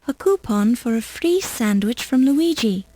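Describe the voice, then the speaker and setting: A woman's voice: a little high, animated, measured pace, dark tone, no room sound. A woman voicing a wry game narrator, reading dry, matter-of-fact descriptions in scripted narration.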